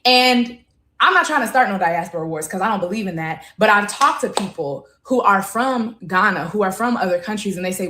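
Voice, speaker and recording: A woman's voice: mid-range voice, lively intonation, sharp tone, reverberant, a little hiss or hum. A woman, giving emphatic, conversational commentary to camera. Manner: emphatic, conversational, drawn-out stresses.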